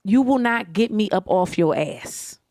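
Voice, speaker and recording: Her voice is medium in pitch with a dark tone, expressive and unhurried, as she rants and curses emphatically while co-hosting a casual podcast. She records from her home living room couch in clean studio sound with no room sound.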